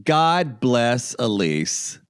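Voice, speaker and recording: An easygoing man in his forties co-hosting a podcast, rambling with plenty of fillers. His voice is lively in pitch and recorded dry and close, with no room sound. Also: drawn-out words, clean tone, no echo. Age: 40s. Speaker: podcast co-host. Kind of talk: casual chat.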